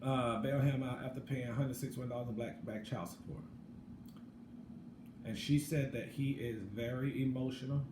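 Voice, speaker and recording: A middle-aged man talking bluntly in a casual commentary monologue, swinging between loud outbursts and low asides. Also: steady tone, normal speed. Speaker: channel host. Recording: echoey room with background noise.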